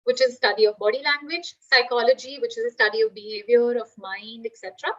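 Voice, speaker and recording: High-voiced woman teaching a live class. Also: lively intonation, fast talker, fairly bright tone, dull audio. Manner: explains with everyday examples, asks the class questions. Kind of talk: live online class lecture.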